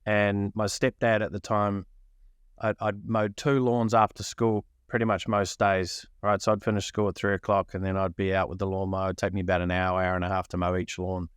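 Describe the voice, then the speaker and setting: Middle-aged male podcast host from New Zealand, low clean voice, animated storyteller, dry close mic. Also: fairly quick, smooth, no echo. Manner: animated, acts out quoted voices. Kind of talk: casual storytelling.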